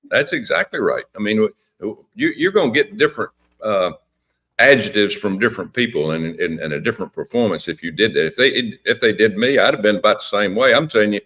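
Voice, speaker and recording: A man's voice: lowish voice, brisk, a bit bright. A man speaking as a politician guest on a radio interview, impassioned and emphatic, often repeating words.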